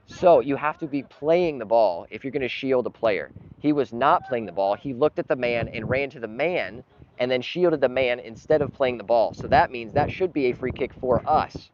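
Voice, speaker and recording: A man doing partisan play-by-play for his club's live stream, getting frustrated and sometimes yelling at calls. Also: medium pitch, moderate pace. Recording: dull lo-fi live stream audio with noise.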